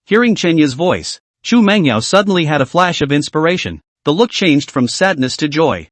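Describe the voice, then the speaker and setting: A man narrating a comic recap in a brisk storytelling manner, recorded dry and close. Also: on the high side, big pitch swings, no room sound.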